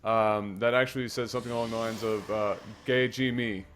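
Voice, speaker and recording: A man's voice: lowish voice, steady tone, fairly quick, a bit bright, slight background noise. A man commentating a video game match in a chatty, joking, crude way. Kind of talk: casual gaming commentary.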